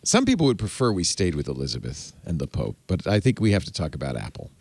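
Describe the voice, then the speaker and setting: A man's voice: sits low, fast talker, creaky, breathy edge, no room sound. A man in his sixties from the United States hosting a tech podcast, chatting and telling stories. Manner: chatty, storytelling, animated. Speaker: host. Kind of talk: tech podcast panel chat.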